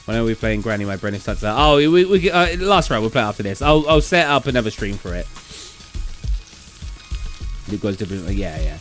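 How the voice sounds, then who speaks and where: A British man chatting casually on a live stream, rambling and energetic with sudden loud bursts. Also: on the low side, a little fast, pauses often, faint music behind. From Britain.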